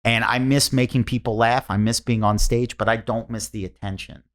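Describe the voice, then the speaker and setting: A man's voice: mid-range voice, steady tone, moderate pace. A man who does stand-up, telling a rambling story as a podcast guest and breaking into laughter as he goes. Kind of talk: casual storytelling.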